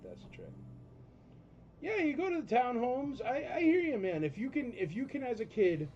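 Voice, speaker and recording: Rambling, chatty auction host. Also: male voice, very high-pitched, wildly swooping pitch, moderate pace, a little hiss or hum. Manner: rambling, joking, chatty with viewers. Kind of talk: casual live-stream auction chat. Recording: dull lo-fi stream audio with loud music behind. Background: music.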